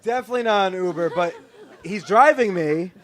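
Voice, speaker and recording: A man's voice: high-pitched, fairly quick, a faint crowd. A man hosting a podcast live on stage, telling stories in a self-deprecating, laughing way. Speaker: podcast host.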